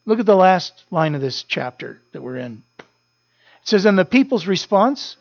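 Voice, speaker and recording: A man's voice: high-pitched, very animated, normal speed, vocal fry, dry recording, muffled recording. A man preaching a sermon as a pastor, earnest, repeating key phrases for emphasis.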